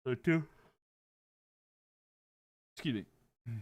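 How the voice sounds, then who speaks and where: A young man giving casual play-by-play commentary on a livestream, getting louder on big plays and dropping low when he talks to viewers. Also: expressive. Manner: rises and quickens on big plays, drops low chatting with viewers.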